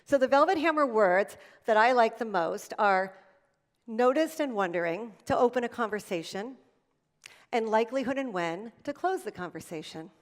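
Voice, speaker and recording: A middle-aged woman delivers a motivational speech from a stage in a fairly high voice. She tells stories with emphasis and keeps coming back to the same catchphrases. It is lively, persuasive public speaking. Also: moderate pace, big-room sound. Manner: emphatic, storytelling, repeats key phrases. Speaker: keynote speaker. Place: event stage before an audience.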